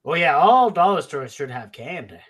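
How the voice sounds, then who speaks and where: A woman's voice: sits low, sing-song, moderate pace, slightly rough. A young woman co-hosting a casual livestream chat, teasing her friend and laughing often. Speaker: co-host.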